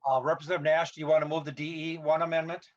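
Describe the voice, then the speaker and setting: A man's voice: on the high side, level tone, rapid-fire. A man chairing a committee hearing, polite and procedural, guiding members through the agenda. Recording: slightly dull remote call audio.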